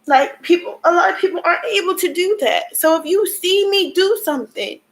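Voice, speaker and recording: Young woman vlogger, high voice, emotional venting, tearful and frustrated. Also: fairly quick, few pauses, low-quality recording. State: crying at times. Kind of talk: emotional personal vlog talk.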